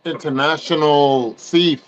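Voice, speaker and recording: An upbeat man co-hosting a casual podcast, with a voice pitched a little high. He sounds agreeable and chimes in often. The recording sounds dull and lo-fi. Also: fairly even intonation, slow. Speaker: podcast co-host. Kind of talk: casual chat.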